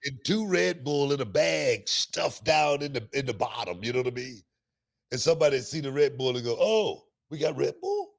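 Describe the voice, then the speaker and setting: A middle-aged man co-hosting a podcast, telling stories in a loud, animated way with lots of slang and laughter. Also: medium pitch, fairly quick, vocal fry. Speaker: podcast co-host. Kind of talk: casual storytelling chat.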